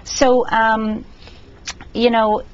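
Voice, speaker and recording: A woman's voice: a little high, flat delivery, drawn-out words, clear, resonant tone, lo-fi sound. A woman guest on a talk show, speaking earnestly and reflectively, sometimes getting emotional. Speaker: guest author.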